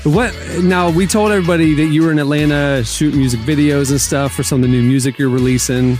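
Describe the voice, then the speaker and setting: A man's voice: fairly high pitch, fairly even intonation, music in the background. Chatty male podcast host. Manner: inquisitive, chatty, quick to laugh. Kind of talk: casual chat.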